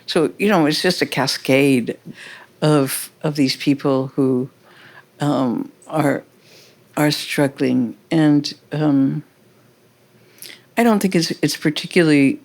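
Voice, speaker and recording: An American woman speaking as a guest in a casual onstage conversation at a live festival, telling stories in a halting, reflective way. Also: sits low, darkish tone. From United States. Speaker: interview guest.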